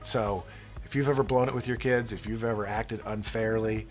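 A man in his forties talks to parents in an earnest, reflective, confessional way. His voice sits on the low side. Soft music plays underneath. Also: steady tone, normal speed. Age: 40s. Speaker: church parenting speaker. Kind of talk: scripted-feel talk to parents.

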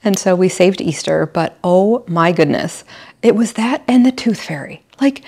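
A woman's voice: fairly low pitch, expressive, moderate pace, darkish tone. A middle-aged woman chatting casually at home while she decorates, laughing often and telling little stories. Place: home, indoors.

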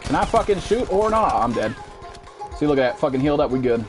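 Playing a shooter live, this twentysomething streamer talks quickly and swears a lot, his excitement breaking into shrill outbursts. There's music behind him.

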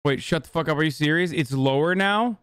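A man streaming a casual reaction, talking in a profane, sarcastic, rapid-fire way into a close desk mic. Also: fairly high pitch, fairly bright tone, smooth, no echo.

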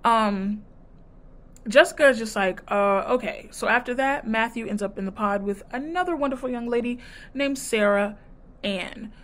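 A woman vlogger casually recapping a dating show, sassy and animated, acting out quotes in her retelling. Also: fairly high pitch, moderate pace. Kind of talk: casual chat.

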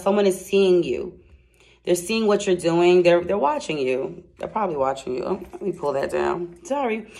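A woman giving a casual tarot reading to camera, excitable and chatty, blunt and slangy, speaking straight to her viewers. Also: mid-range voice. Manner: excitable and chatty, laughs and exclaims. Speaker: tarot card reader.

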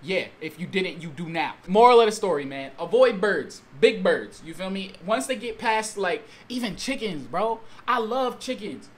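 A man telling a story-time tale in a vlog, excitable and slangy, with exaggerated storytelling and sudden outbursts. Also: high voice, moderate pace, hardly any pauses, background noise. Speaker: YouTube storyteller.

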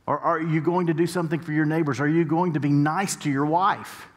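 A man's voice: a little high, fairly even intonation, brisk. Storytelling preacher man in a reverberant church. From United States. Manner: storytelling preacher, rising to emphatic peaks. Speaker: pastor. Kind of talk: sermon. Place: church sanctuary. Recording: long church hall reverb.

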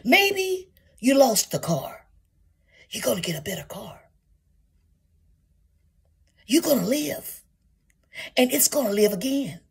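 A woman's voice: on the high side, big pitch swings, slow pace, creaky, long pauses, husky. A woman preaching a sermon, calling her listeners saints and asking question after question, sometimes dropping to a whisper.

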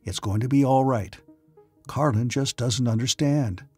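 A man narrator voicing a calm, firm young man who takes command, in an audiobook. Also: mid-range voice, measured pace, slightly rough, faint music behind.

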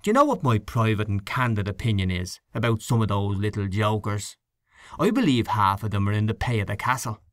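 A scornful, complaining male canvasser in a spoken storybook, as a man reads him. His pitch swings widely as he gossips and grumbles, and the recording is dry and close. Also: big pitch swings, fairly quick, no echo.

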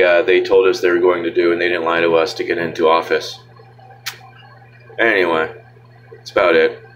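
A man's voice: sits low, a bit bright, slight background noise, rough recording. A man ranting casually to his viewers in a rambling, sarcastic way, full of filler words. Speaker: vlogger. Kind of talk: casual rant to camera.

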